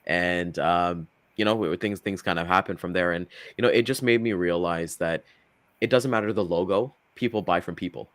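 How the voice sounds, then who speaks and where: A man's voice: normal speed, fairly bright tone, no room sound. A man co-hosting a casual morning talk show, speaking loosely with lots of fillers and acting out quotes. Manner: loose and chatty, full of fillers; acts out quotes with big jumps in pitch. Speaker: co-host.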